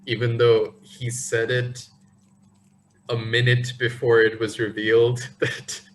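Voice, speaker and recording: A man co-hosting a podcast, telling rambling stories in a casual, animated way. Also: mid-range voice, slow, a little hiss or hum, low-quality recording. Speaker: podcast co-host. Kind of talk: casual chat.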